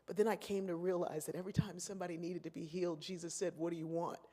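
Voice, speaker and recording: A woman's voice: fairly low pitch, quick pace. A woman giving a keynote address, telling stories and acting out the voices of the people in them. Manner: animated, acts out voices in her stories. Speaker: keynote speaker. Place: large convention hall. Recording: echoey hall.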